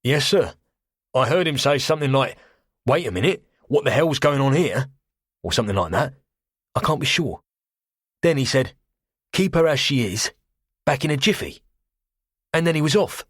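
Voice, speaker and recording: A man's voice: medium pitch, expressive, moderate pace, long pauses, fairly bright tone, husky, no room sound, clean studio sound, pitched above the performer's own voice. A man voicing a tall, balding cockney quartermaster who is wary and deferential, clipped and full of sirs, in an audiobook. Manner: clipped, deferential, says sir a lot. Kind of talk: audiobook character voice.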